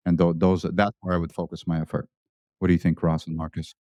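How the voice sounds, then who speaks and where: A man's voice: sits low, flat delivery, fast, dark tone, dry recording, muffled recording. A man co-hosting a panel discussion, arguing a point with firm opinions.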